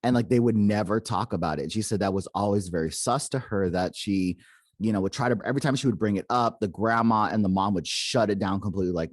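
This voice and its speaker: A man from Arizona with a lowish voice hosts a paranormal podcast, talking fast with no room sound. In casual storytelling, he retells a secondhand encounter, quoting the people involved and saying "like" and "okay?" a lot.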